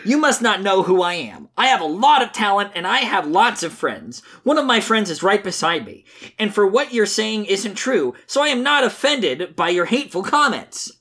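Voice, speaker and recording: A podcast host voicing a preachy young male cartoon hedgehog hero in a comic dramatic reading, speaking slowly and overly sincerely. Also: medium pitch, very animated, a bit bright, pitched above the performer's own voice. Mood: earnest preachy. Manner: slow, raised and overly sincere.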